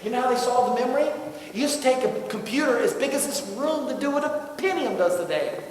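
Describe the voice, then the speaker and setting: A man giving a motivational talk to a live audience in a large room, with punchy call-and-response and jokes he shouts out. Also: sits high, a little hiss or hum. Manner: punchy call-and-response, asks crowd to answer. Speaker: motivational speaker. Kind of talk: motivational talk to a staff crowd. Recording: echoey room recorded from far off.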